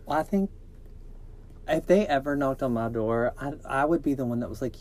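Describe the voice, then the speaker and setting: A male podcast co-host reads creepy encounter stories in a mid-pitched, everyday voice. He keeps stepping out of the text for cheeky, joking asides, and his reading stays lively and casual. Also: moderate pace. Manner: jokey, animated, breaks into laughter and cheeky asides.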